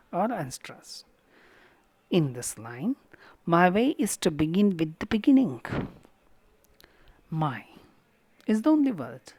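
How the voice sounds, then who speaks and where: Slow, low-voiced woman teaching poetry. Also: a little mellow, dry recording, rough recording. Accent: Indian English. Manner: slow, deliberate, stresses syllables aloud. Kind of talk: recorded video lecture.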